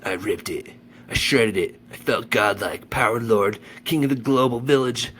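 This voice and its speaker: A man reading a children's novel aloud with animated enthusiasm, then chatting about the chapter. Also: lowish voice, normal speed, slight background noise. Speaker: audiobook reader.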